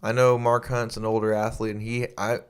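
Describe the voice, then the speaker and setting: A young man with a fairly low voice chats loosely on a podcast. He rambles, restarts his sentences and swears freely as he talks. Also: level tone, a little fast, clear, resonant tone. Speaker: podcast co-host. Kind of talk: casual chat.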